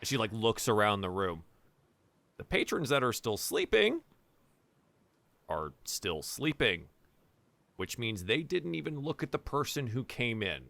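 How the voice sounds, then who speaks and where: A man's voice: medium pitch, very animated, normal speed, vocal fry, a bit bright, no echo. A man narrating a tabletop game as dungeon master, casual and full of fillers.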